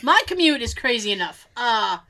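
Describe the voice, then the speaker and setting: A woman's voice: fairly high pitch, big pitch swings, moderate pace, pushed and bright. A middle-aged woman co-hosting a casual chat, telling profane family stories with a lot of cursing. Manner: profane, storytelling, imitates family in quotes. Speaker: podcast co-host.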